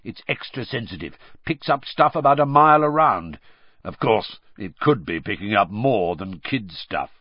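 A man voicing a gruff, suspicious old male wizard who talks in clipped growls, in a muffled lo-fi recording. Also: on the low side, animated, normal speed, dry recording.

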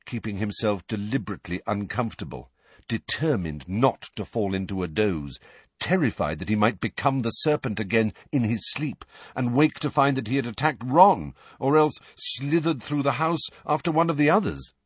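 A man's voice: mid-range voice, lively intonation, moderate pace, breathy edge, dry recording. A man reading a novel aloud as an audiobook narrator, telling the story expressively. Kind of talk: scripted narration.

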